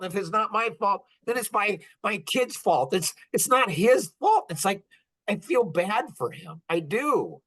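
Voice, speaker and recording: A man hosting a podcast, talking in a rambling, animated casual monologue and acting out conversations in different voices. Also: sits high, slightly rough. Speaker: podcast host.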